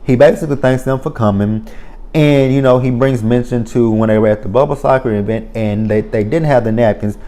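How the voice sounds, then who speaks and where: A man's voice: medium pitch, brisk, dark tone. A man giving a casual spoken recap of a reality show, blunt and profane, ranting with exasperation.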